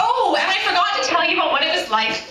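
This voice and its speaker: Brief: Canadian woman, high-pitched, comic storytelling, laughing often, recorded far off in an echoey, noisy room. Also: fast. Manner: lively, laughs often between lines. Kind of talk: humorous personal storytelling.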